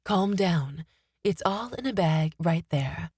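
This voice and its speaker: A woman voicing a worried, scolding middle-aged mother in an audiobook, in a measured way. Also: on the low side, expressive, darkish tone, slightly rough, no echo, clean studio sound, exaggerated voice.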